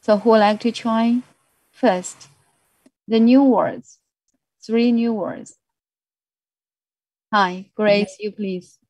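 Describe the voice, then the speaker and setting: A woman with a Mandarin Chinese accent teaching an English vocabulary class online, speaking slowly and repeating each word. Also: medium pitch, fairly even intonation, a little mellow, no room sound. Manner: slow, repeats words, mixes in Mandarin explanations. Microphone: video call.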